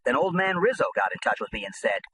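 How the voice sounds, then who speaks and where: Man, audiobook narrator, first-person memoir, fairly high voice, very lively pitch, tough storytelling. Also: fast, slight background noise, rough recording.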